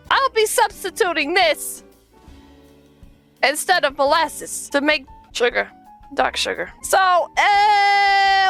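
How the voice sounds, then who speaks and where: High, lively woman hosting a cooking stream. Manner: joking, crude, playful. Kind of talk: casual irreverent cooking commentary. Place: home kitchen.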